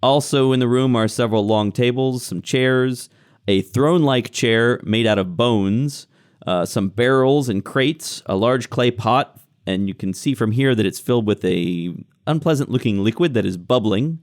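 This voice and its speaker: A man's voice: mid-range voice, moderate pace. A man narrating a tabletop game as game master, describing scenes with frequent fillers.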